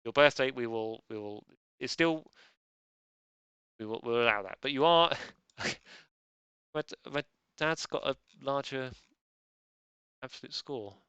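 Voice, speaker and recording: A man's voice: mid-range voice, measured pace, long pauses, sharp tone, clear, resonant tone, no echo, lo-fi sound. A man hosting a live online quiz, joking drily and rambling. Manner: dry, rambling, self-deprecating jokes. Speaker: quiz host.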